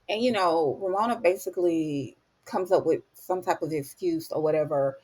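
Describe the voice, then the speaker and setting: A woman's voice: fairly low pitch, normal speed, hardly any pauses, darkish tone. A woman retelling a film in a chatty, casual way, calling her listeners honey and y'all. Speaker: recap host. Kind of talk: casual storytelling recap.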